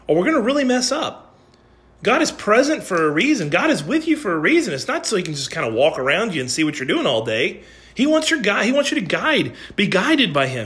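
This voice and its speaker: A man's voice: sits high, fairly bright tone. A middle-aged man giving an informal sermon, telling a personal story and building to emphatic points. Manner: conversational, storytelling, rising emphasis on key points. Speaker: preacher.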